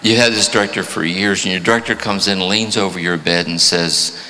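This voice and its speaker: A man's voice: deep voice, fairly even intonation, fairly quick, few pauses, heavy background noise. A man in his seventies giving a reflective spiritual talk, often repeating phrases for emphasis. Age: 70s. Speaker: spiritual teacher. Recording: long hall reverb.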